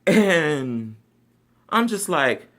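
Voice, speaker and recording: A man telling a funny personal story in a casual, sassy way, laughing often and jumping between loud outbursts and quiet asides. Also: fairly high pitch, big pitch swings, very slow.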